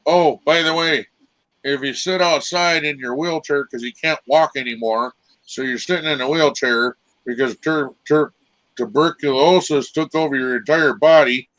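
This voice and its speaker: A man's voice: on the high side, normal speed, a bit bright, no echo, poor audio. A man co-hosting a casual chat, teasing and wry.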